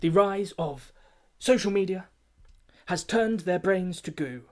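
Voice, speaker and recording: Here a comic poet puts on the character of a pompous poetry gatekeeper, a snob who declaims rhymed satirical verse full of self-importance. He speaks a little high, in the measured rhythm of an official briefing.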